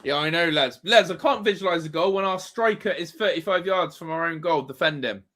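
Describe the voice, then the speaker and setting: High-voiced ranting football fan. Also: male voice, fairly quick, bright, forceful tone. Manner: ranting, exasperated, swearing. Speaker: fan channel host. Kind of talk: live football watch-along commentary.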